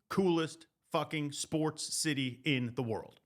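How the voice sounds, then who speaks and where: A man hosting a sports podcast, ranting comedically with loud, profane riffs. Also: fairly high pitch, unhurried, hardly any pauses. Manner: loud, profane, animated riffing. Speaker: podcast host.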